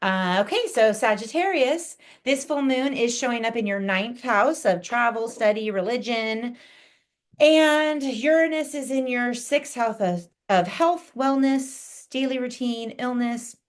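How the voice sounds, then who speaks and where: Woman, astrologer guest; casual, conversational podcast read, animated asides. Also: a little high, unhurried. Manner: chatty, acts out quoted reactions.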